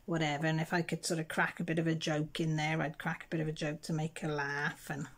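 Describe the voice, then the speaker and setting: Chatty woman with a lowish voice. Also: monotone, brisk. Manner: chatty storyteller, acts out others' voices in quotes. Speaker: craft vlogger. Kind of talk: casual chat while crafting.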